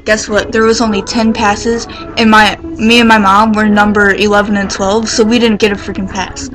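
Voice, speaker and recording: A woman telling a story in a casual vlog, rambling and excitable, filling her pauses with "like" and swearing casually as she gets worked up. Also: mid-range voice, rough recording. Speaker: vlogger.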